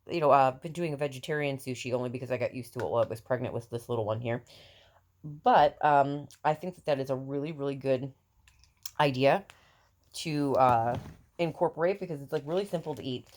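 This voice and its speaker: Woman, 30s, low voice, casual rambling vlog chat, lots of ums. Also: brisk, a little mellow. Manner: chatty and rambling, many fillers, laughs often. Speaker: mother giving healthy-eating tips.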